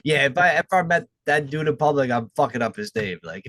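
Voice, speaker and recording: A man's voice: medium pitch, animated, fast talker, fairly bright tone, no room sound. Profane laughing man on a podcast. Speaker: podcast co-host. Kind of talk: crude casual banter.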